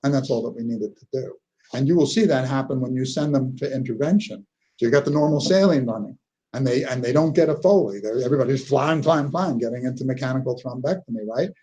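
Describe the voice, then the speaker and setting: In a lecture hall, a man gives a neurology lecture, telling clinical stories conversationally and often checking in with "okay?" He talks fast in a medium-pitched, dark voice, and the recording is low quality.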